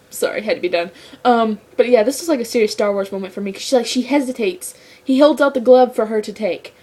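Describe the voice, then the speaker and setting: A woman giving a casual episode review, rambling and excitable, with lots of "like" fillers. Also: a little high, fast talker. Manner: rambling, excitable fan talk with many "like" fillers. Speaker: show reviewer.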